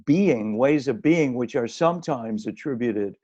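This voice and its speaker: A man's voice: mid-range voice, lively intonation, a little mellow. Thoughtful man on a lo-fi video call. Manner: measured, hedging with many "I mean"s. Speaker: guest author. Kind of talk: conversational discussion.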